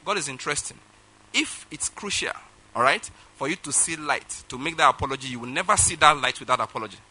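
A Nigerian English-accented pastor delivers a sermon in a very bright, ringing voice pitched a little above the usual for a man. He tells his story with animated swings between loud outbursts and soft, low asides. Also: fast, husky.

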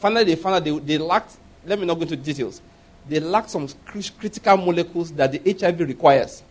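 A middle-aged man preaching a sermon, telling personal stories with animated quoted voices and laughing at his own tales. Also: fairly high pitch, fast. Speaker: pastor.

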